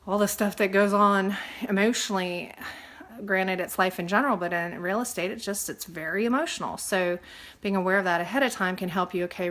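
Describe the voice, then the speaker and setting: A woman's voice: mid-range voice, a bit bright. Chatty woman real estate agent. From Texas. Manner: chatty, acts out clients' voices with many fillers; faith-minded, mentions praying. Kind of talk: casual talk to camera.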